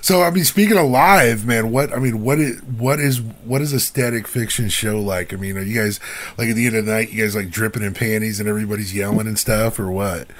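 A man's voice: lowish voice, a little fast. A man hosting a casual interview, laid-back and saying "man" often. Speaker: podcast host.

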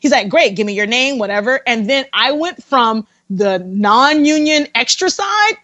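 A woman's voice: fairly high pitch, moderate pace, dry recording, highs cut off. A young woman animatedly telling a story in a casual interview, acting out the people she quotes. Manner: animated, quotes others in acted voices.

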